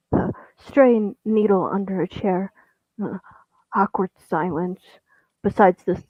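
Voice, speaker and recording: A man reading his own first-person story in a halting, stammering way, with frequent restarts and moments where he drops to a whisper. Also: high voice, dry recording. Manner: drops into an unvoiced whisper at times. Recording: tinny phone-like audio, dry.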